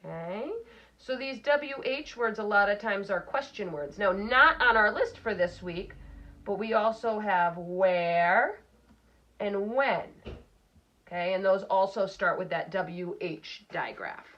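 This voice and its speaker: A woman teacher giving a recorded phonics lesson for children, slowly sounding out letters and words. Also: mid-range voice, animated, muffled recording.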